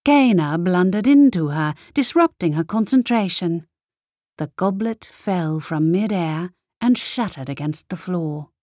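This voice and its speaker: Slow, measured woman narrator. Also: on the low side, animated, a little mellow, no room sound, studio quality. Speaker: audiobook narrator. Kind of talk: scripted fantasy narration.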